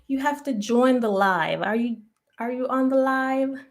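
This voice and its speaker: A woman's voice: high voice, a little slow. A woman hosting a casual live-stream chat, laughing often, greeting viewers by name and dropping to a near whisper for asides. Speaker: host of a live relationship podcast.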